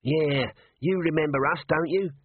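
Storybook part: a cowardly male corporal, wheedling, pitched up, husky, lo-fi, played by a man. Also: moderate pace, no room sound. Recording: tinny lo-fi narrow-band audio.

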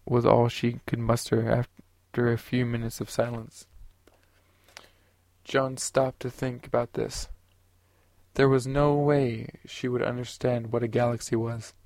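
In a mid-range voice with no echo, a man narrates a science fiction audiobook in a steady, unhurried way.

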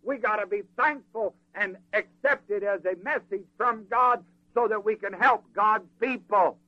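Man preaching, high voice, folksy, dramatic, dry dull lo-fi tape. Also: measured pace, dry recording. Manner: folksy and animated, acting out scripture characters. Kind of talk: sermon.

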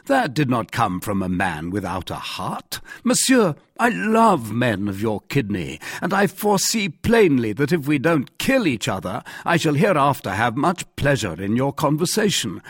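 A man voicing a proud, gracious nobleman musketeer in an audiobook, speaking in a measured, ironic way. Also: mid-range voice, slightly rough, no room sound, clean studio sound, voice pushed up.

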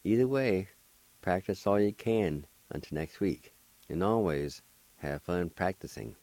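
Here a man with a low, warm voice, speaking a little slowly, teaches a language on a radio show from a studio with no room sound. His lesson is slow and patient, spelling words out letter by letter and pronouncing them syllable by syllable.

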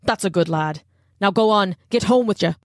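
A woman's voice: medium pitch, normal speed, dry recording, studio quality, natural voice. A woman voicing a stout, jovial village constable with folksy country speech. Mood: mock stern.

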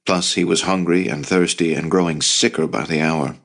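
A man narrating an audiobook in a measured storytelling manner. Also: deep voice, fairly even intonation, gravelly, fairly bright tone. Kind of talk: scripted narration.

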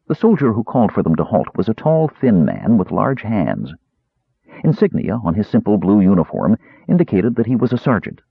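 Low, husky male narrator for a fantasy audiobook, expressive, phone-thin audio. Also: moderate pace, no room sound, narrow, tinny audio. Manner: expressive, varied delivery. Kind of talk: scripted narration.

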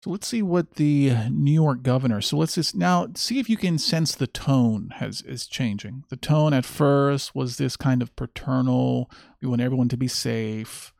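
A man's voice: medium pitch, moderate pace, gravelly, darkish tone, no echo, clean studio sound. A man hosting a podcast monologue, talking in a sardonic, mocking way. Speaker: podcast host. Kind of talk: monologue commentary.

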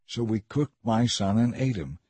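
A man's voice: fairly low pitch, animated, moderate pace, dark tone, slightly rough, no room sound. A man reading the lines of a desperate, starving woman in a scripture story.

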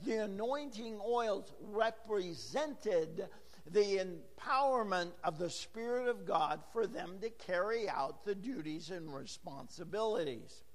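A hoarse, gravelly-voiced man preaching a verse-by-verse sermon as pastor, chatting with jokes to the congregation in a church. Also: sits high, lively intonation, a little slow, big-room sound. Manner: chatty, joking asides to the congregation. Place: church sanctuary.

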